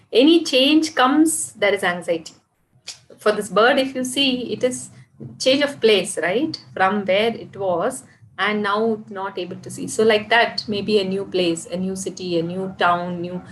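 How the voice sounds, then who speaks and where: A woman's voice: medium pitch, slight background noise, rough recording. Woman, Indian English accent, study-group member, thoughtful, reflective. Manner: thoughtful, searching for words.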